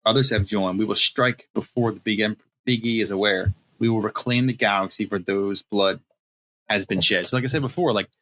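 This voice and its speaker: Guy recapping a book on a podcast, kinda low voice but bright, laughs a lot and does the quotes. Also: steady tone, a little fast, a little hiss or hum, rough recording. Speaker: podcast co-host. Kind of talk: casual chat recapping a novel.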